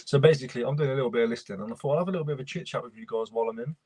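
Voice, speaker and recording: A man's voice: medium pitch, rapid-fire, darkish tone, slightly rough, no room sound. A young man, casually chatting and greeting viewers by name while he works on a livestream. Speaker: reseller livestream host.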